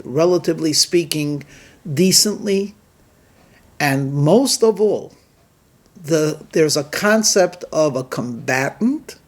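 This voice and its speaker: A man giving a sermon as a rabbi, telling a story and drawing its lesson in a measured, deliberate way. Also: a little high. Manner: measured, deliberate delivery with emphatic pauses.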